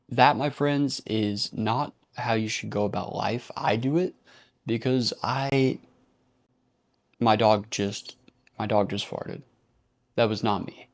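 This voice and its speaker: A young man giving casual self-help advice in a vlog, rambling with profane jokey asides and switching between rapid bursts and slow, deliberate stretches. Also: on the low side. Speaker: YouTuber.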